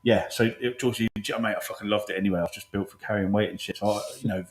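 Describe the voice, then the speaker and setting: A man's voice: fairly low pitch, fairly even intonation, quick pace, reverberant, poor audio. A man telling army stories in casual chat, swearing often and laughing as he goes. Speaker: podcast host.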